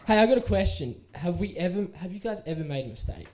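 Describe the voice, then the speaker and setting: A young Australian man giving a casual talk to a youth group, telling a story in a lively, playful way and acting out the people in it. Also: high voice, quick pace, faint music behind. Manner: animated, playful, acts out the people in his story. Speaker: youth speaker.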